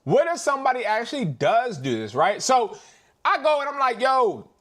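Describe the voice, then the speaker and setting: A man's voice: extremely high pitch, wildly swooping pitch, moderate pace, a bit bright. A man hosting a live stream as a reseller, talking in a casual, slangy and exasperated way.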